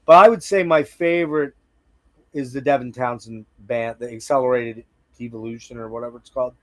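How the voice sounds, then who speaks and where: A man's voice: medium pitch, steady tone, fairly quick. Rambling American man hosting a casual chat. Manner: rambling, loose, lots of fillers and restarts. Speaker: podcast host. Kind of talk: casual conversational interview.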